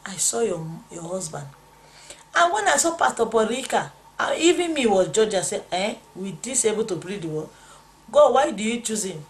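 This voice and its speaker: A woman preaching a testimony, fervently acting out voices of God and the devil as she recounts a vision. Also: on the high side. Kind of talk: testimony sermon.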